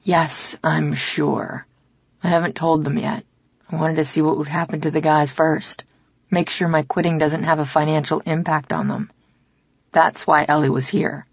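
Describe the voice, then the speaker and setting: A woman voicing a brooding young male musician who speaks softly and low in a romance audiobook. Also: level tone, moderate pace, gravelly, slightly rough, no echo, dull audio, exaggerated voice. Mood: hushed tender. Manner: hushed, low and tender.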